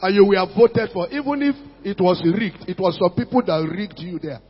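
Soft music sits beneath this man's husky, high-pitched, expressive voice as he preaches at a normal pace, calling out to his congregation and inviting their responses. It's a muffled, lo-fi recording made in a reverberant hall.

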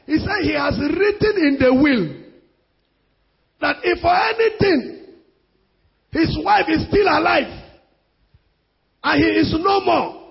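A male preacher with a Nigerian accent delivering a sermon emphatically, repeating phrases and breaking into shouts. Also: very high voice, gravelly. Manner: emphatic, repetitive, bursts of shouting. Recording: dull lo-fi sound.

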